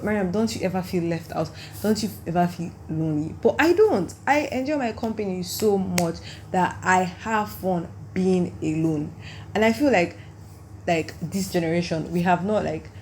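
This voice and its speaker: A woman's voice: lowish voice, darkish tone, slight background noise. A nineteen-year-old woman hosting a solo podcast, chatting casually and rambling with lots of "like," sounding tired. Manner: rambling and chatty, heavy use of "like". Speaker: podcast host.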